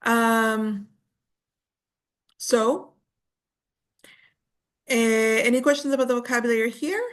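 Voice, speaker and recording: A woman's voice: a little high, fairly even intonation, takes it slowly. A woman teaching an English class online, patiently explaining pronunciation with frequent fillers and encouragement.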